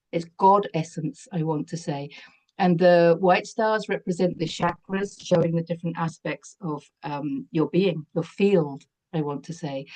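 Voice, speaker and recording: A woman giving a spiritual tarot reading, speaking gently and calmly, often laughing softly. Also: lowish voice. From United Kingdom. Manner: soft, gentle, breathy calming guidance with frequent laughs. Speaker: tarot reader.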